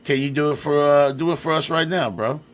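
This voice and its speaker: A man's voice: fairly high pitch, a little fast. A man hosting a podcast who keeps the chat loose and slangy, often laughing and swearing. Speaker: podcast host. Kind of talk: casual interview chat.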